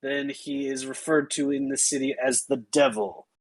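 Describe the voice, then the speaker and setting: A man voicing a deadpan, bored female city guard who talks in a flat, curt monotone. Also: a little high, normal speed, low-quality recording.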